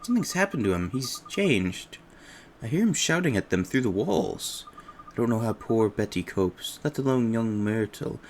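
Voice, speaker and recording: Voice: medium pitch, very animated, moderate pace, a little hiss or hum. A game player voicing a chatty, gossipy old woman neighbor who fusses sympathetically, reading game dialogue aloud.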